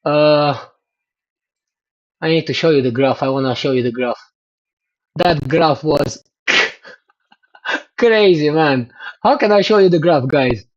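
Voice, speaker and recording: A man chatting excitedly to his livestream viewers about his cycling race results, exclaiming often. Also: a little high, slow pace, pauses often, muffled recording. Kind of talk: casual livestream chat.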